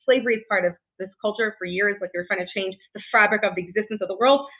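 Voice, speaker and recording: A woman leads a weekly Torah class at a quick clip, chatty and brisk. She keeps checking in with her listeners and fills pauses with small "um"s. The sound is thin and tinny, like a phone line. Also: medium pitch. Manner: brisk and chatty, many "right?" checks and "um" fillers. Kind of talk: casual Torah lesson.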